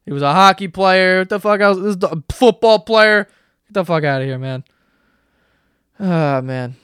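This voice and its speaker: High-voiced young man ranting, dry sound. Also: moderate pace, clean tone, no room sound. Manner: profane, excitable ranting with sudden loud outbursts. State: sore throat from yelling. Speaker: podcast host. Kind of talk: solo comedic rant.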